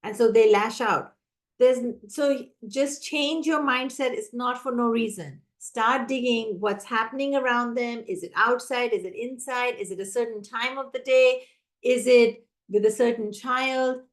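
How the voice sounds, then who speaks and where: Lively woman leading a teacher training. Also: on the high side, a little slow. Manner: energetic, animated, acts out teacher and child voices. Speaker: classroom management trainer. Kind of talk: live webinar Q&A teaching.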